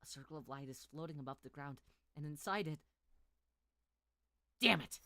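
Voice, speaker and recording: A woman streamer reading a visual novel aloud in first person. She breaks into loud shrieks and repeated cries, and she swears and jokes casually between lines. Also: sits low, steady tone, fast.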